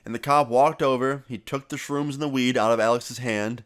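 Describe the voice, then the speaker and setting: A young man vlogger telling a story in a casual, animated way and swearing freely. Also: mid-range voice, moderate pace.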